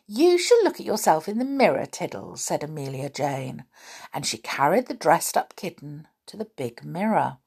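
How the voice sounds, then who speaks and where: Slow, lively woman reading a children's story. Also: medium pitch. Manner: expressive, dramatic.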